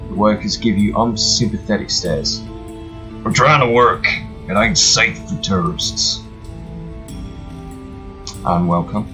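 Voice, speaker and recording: Low-voiced man reading game text aloud. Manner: reads with mock-dramatic flourishes, dry joking asides. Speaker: gameplay narrator. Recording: faint music behind, slightly tinny room.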